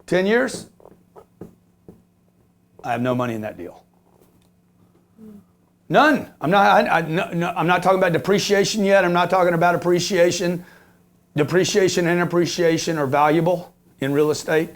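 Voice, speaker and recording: A high-voiced man in his fifties, speaking at a moderate pace and pausing often, gives animated business talk on real estate investing. He repeats himself emphatically, keeps checking "okay?", and swears while joking around.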